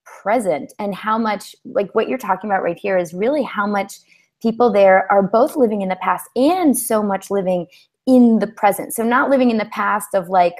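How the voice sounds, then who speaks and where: A woman hosting a coaching-style conversation, speaking in a meandering, reflective, gently affirming way. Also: medium pitch, normal speed. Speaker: host.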